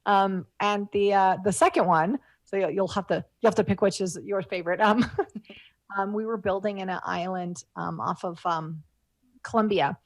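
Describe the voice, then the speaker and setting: A woman's voice: mid-range voice, moderate pace, no echo. Rambling woman speaking in a dry room. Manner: rambling, many fillers and restarts. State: moved to tears. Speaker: guest. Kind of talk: casual interview talk.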